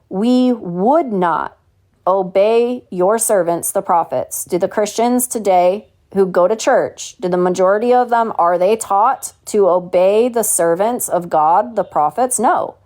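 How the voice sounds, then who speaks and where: A woman's voice: mid-range voice, a little mellow. A woman teaching a Bible study in a preachy, mocking tone, asking rhetorical questions and reading scripture aloud. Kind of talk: home Bible study sermon.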